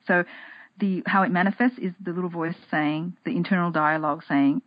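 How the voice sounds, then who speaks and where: A slightly low, husky woman talking as a podcast guest, animated, often restarting and repeating her words. The sound is dry and a bit dull, like a lo-fi close mic. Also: fairly quick, no room sound. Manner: animated, acts out her inner voices in a higher tone. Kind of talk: casual interview talk.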